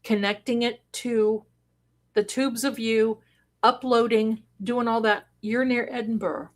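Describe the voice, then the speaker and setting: A woman hosting a casual livestream, reading viewer comments aloud and gushing over them with sudden excited exclamations. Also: a little high, a little slow. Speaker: livestream host and card reader.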